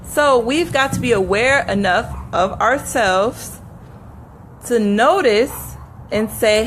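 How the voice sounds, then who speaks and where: A woman with a somewhat high voice leads a live motivational talk. She repeats short affirmations with earnest, coaching conviction, laughs easily, and speaks to her viewers by name. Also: takes it slowly, background noise.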